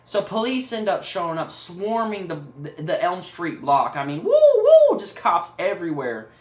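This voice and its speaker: A man's voice: sits high, animated, moderate pace, a bit bright, echoey room. A man casually retelling a horror story idea, rambling along with fillers and asides.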